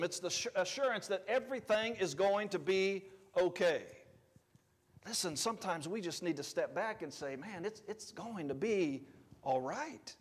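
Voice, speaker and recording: A man preaching a sermon as pastor, conversational, swinging between loud emphatic lines and quiet asides. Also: high-pitched, big-room sound. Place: church sanctuary.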